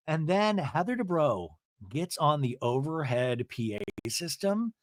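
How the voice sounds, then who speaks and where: A man's voice: on the high side, normal speed, dry recording, clean studio sound. A man hosting a podcast, recapping a reality show in a casual, comic way, acting out the cast's lines and swearing freely. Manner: animated, swears, acts out cast members' lines. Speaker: podcast host.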